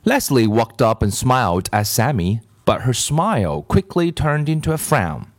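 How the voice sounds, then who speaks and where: A man reading a children's story aloud, slow and expressive. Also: medium pitch, no echo, clean studio sound.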